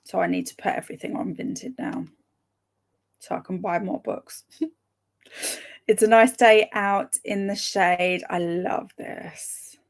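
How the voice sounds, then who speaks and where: A woman chatting casually with live viewers, reading out their comments, chatty and excitable, with a gravelly voice. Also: mid-range voice, slow pace. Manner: chatty and excitable, breaks into laughs and sudden whispers. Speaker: streamer reading live chat.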